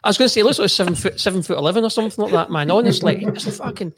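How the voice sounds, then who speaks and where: A man with a fairly high voice chatting about football on a podcast. He talks in bursts, stammers and restarts, and swears freely. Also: lively intonation, very fast, husky. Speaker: podcast co-host. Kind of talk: casual football chat.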